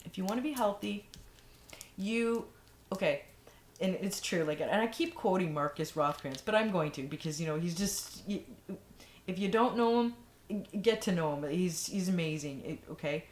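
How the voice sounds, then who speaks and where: A woman's voice: on the low side, expressive, moderate pace. A woman vlogger giving frank, rambling advice in a casual monologue, full of fillers and restarts. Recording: echoey room, faint noise.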